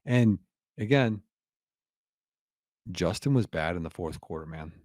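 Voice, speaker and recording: A man's voice: low-pitched, lively intonation, a little slow, a little mellow, no room sound. Podcast co-host, male, dry close sound, rambly, filler-heavy speech. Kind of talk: casual sports podcast chat.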